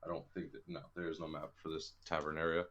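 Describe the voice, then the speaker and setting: A man playing a tabletop game, chatting in quick, wry banter. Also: very deep voice, flat delivery, fairly bright tone. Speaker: player.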